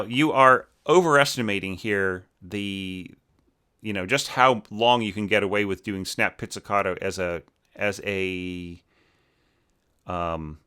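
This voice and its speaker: Bright-voiced man critiquing orchestral scores. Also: fairly low pitch. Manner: thinking aloud, many fillers and tag questions; sings rhythms with syllables. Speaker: orchestration teacher reviewing student scores. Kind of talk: casual spoken critique.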